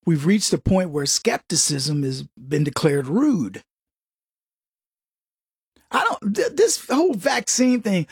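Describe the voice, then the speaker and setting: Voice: medium pitch, big pitch swings, slow, long pauses, breathy edge, no echo, clean studio sound. A commentator giving a sarcastic opinion monologue, mocking people and acting out quotes.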